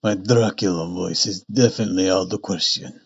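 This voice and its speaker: A man streaming live, chatting casually and thinking out loud between frequent laughs. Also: deep voice, brisk, breathy edge. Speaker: streamer reading a novel aloud. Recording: dull lo-fi stream mic.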